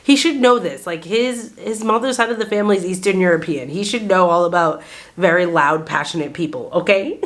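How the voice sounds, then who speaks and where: A woman in her thirties from Massachusetts, chatting casually to camera in an expressive, rambling way, full of "like" and "okay?". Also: mid-range voice. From Massachusetts, USA. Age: 30s. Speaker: vlogger. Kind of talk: casual vlog chat.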